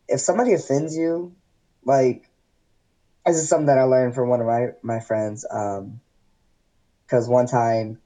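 Guy on a podcast rambling through stories, lots of "like", soft mellow tone, mid pitch. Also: low-quality recording. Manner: rambling, filler-heavy, animated retelling. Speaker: guest. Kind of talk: casual storytelling chat.

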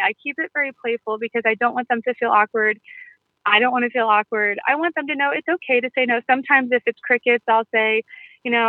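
A woman casually explaining her jewelry party sales routine in a playful, upbeat way, with self-corrections and quick laughs. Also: on the high side, dry recording. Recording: tinny phone-line audio.

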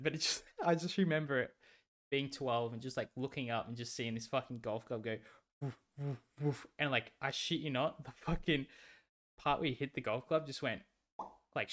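A man's voice: mid-range voice, a bit bright. A young man in his twenties, co-hosting a podcast and telling a story in a laid-back way, swearing freely and laughing often. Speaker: podcast co-host. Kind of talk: casual chat.

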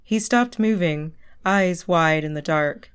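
A female narrator reads a story for an audiobook at a measured pace. Her voice is slightly low, smooth, and resonant.

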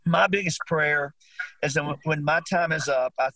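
An older man voicing his gentle, devout older wife with soft affection. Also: a little high, normal speed, dry recording, rough recording. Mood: tender.

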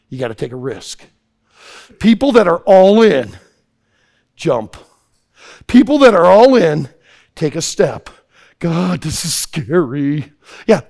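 A man preaching a sermon to young people, hammering his points through emphatic repetition and storytelling. His voice sits fairly high, carries a gravelly texture and swings widely in pitch. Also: darkish tone.

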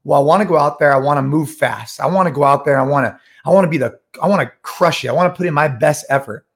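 A middle-aged man hosts a short solo podcast, his voice pitched on the high side and moving at a quick pace. He talks casually and energetically, often retelling conversations and voicing the quoted lines himself.

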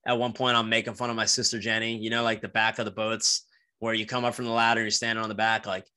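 A young man from New Jersey rambles through a crude, animated story on his podcast. His voice is bright and forceful, with plenty of swearing and false starts. It is recorded dry and close, with little room sound. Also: lowish voice, fast talker, clean tone, no echo. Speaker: podcast host. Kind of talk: casual storytelling monologue.

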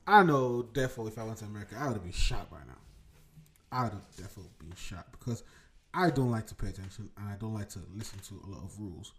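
Young man, podcast host, relaxed chat, slightly low voice, loose and joking. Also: fast talker. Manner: loose, joking, swears, laughs into his words. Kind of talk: casual solo podcast talk.

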